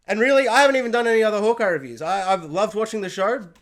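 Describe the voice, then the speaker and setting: An excitable man rants to his camera alone in his room, reviewing spoilers with big emphasis. His delivery jumps from loud outbursts down to low, half-muttered asides. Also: racing, few pauses. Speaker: pop culture reviewer and podcast host. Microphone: camera mic.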